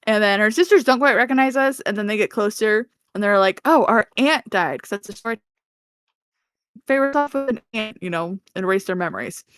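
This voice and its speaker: This podcast co-host has a medium-pitched voice with lively intonation and a clean tone, talking a little fast. In a casual book recap chat, she tells the plot and acts out characters' dialogue while laughing.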